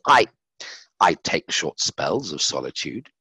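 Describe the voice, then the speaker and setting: A man's voice: a bass voice, sing-song, slow, slightly rough, no room sound, pitched below the performer's own voice, full character voice. Lucifer, read by a man, boastful fallen angel. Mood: hushed, confessing. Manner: proud and boastful, turning hushed and secretive. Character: vain, defiant, lonely male angel.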